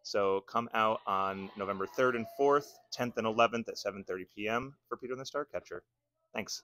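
A man who is a school play's director, earnestly pitching the show and often pausing with filler words. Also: fairly bright tone, a little hiss or hum. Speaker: play director. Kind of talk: promotional pitch.

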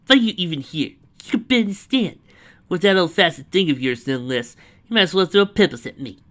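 A man's voice: mid-range voice, animated, fairly quick, fairly bright tone, husky. A man voicing a cocky young female ranger who mocks her opponents. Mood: taunting. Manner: mocking, taunting.

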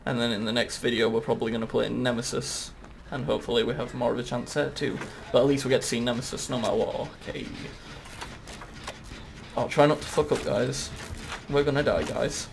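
Excitable swearing gamer, gravelly. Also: male voice, mid-range voice, a little fast, background noise. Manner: excitable, swears often, talks to the game. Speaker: gaming YouTuber. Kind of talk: casual gameplay commentary.

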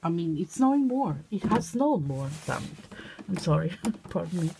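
A woman's voice: fairly low pitch, very animated, moderate pace, creaky, dark tone, a little hiss or hum, low-quality recording. A Norwegian woman with a Norwegian accent chatting casually into her phone outdoors in the snow, giggling and using baby talk with her puppy. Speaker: vlogger. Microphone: phone held in hand.

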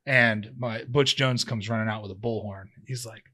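A man's voice: lowish voice, fairly even intonation, normal speed, hardly any pauses, sharp tone. A man in his thirties, a former pro football player and podcast guest, tells a long story in a loose, rambling way, full of fillers and restarts. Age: 30s. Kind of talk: casual storytelling in an interview.

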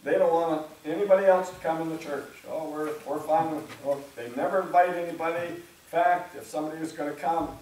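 A man preaching a sermon as pastor in a church, talking in a conversational way, often clearing his throat and acting out imagined churchgoers. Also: fairly high pitch, steady tone, brisk, a little mellow, recorded from a distance, a little hiss or hum. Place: church sanctuary. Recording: very echoey church room, speaker away from the mic.

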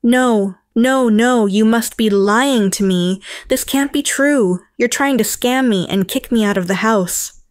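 A woman voicing a yelling, defensive stepmother in a narrated story. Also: fairly high pitch, unhurried, no echo, studio quality, close to an everyday voice. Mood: outraged. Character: shrill angry middle-aged stepmother.

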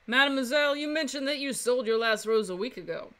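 A woman's voice: high voice, expressive, fast, fairly bright tone. A woman voicing a male falcon defense attorney, speaking in a polite, questioning way.

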